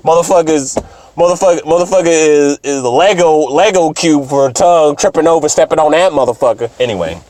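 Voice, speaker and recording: A young man doing a profane, excitable, rambling comedic recap of an anime. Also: a little high, a little fast. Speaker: video host.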